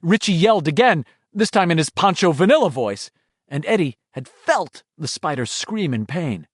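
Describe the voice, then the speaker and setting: Male audiobook narrator, dramatic, animated pitch, dry close sound. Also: normal speed, slightly rough, no room sound. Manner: dramatic, shifting delivery. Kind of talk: scripted narration.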